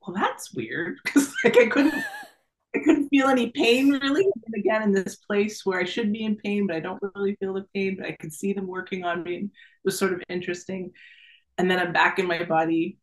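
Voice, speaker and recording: A middle-aged woman, a guest in an interview, telling a personal story in a lively, casual way, laughing often and acting out the voices of the people in her story. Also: medium pitch, fairly quick, low-quality recording. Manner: animated, laughs often, acts out quoted voices.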